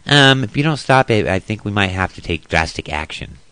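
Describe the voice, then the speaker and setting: A man's voice: on the low side, big pitch swings, fairly quick, pushed and bright, smooth, no room sound. A man doing a mocking impression of a meek, wimpy older male politician with a timid, whiny way of talking. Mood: timid pleading.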